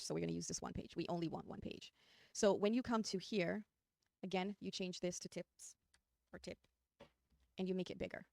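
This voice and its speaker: In a clean studio recording with no echo, a woman with a lowish, gravelly voice and a New Jersey accent runs a live screen-share tutorial as an online design tutor. She's chatty and upbeat, talking viewers through each step as she clicks.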